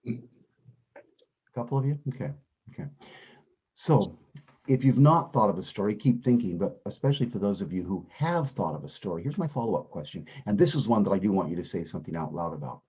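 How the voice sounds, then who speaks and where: A man with a low, mellow and slightly husky voice teaches a Bible class in an easy, conversational way. He asks his listeners questions and comes back to his key phrases again and again. The recording sounds dull and lo-fi. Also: animated, a little fast. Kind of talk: interactive class lesson.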